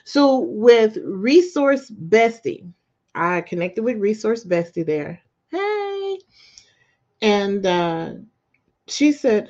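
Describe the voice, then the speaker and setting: Lively woman podcast host, slightly dull audio. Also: drawn-out words. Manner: animated storytelling, jumps high when quoting herself; laughs often. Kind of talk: casual motivational chat.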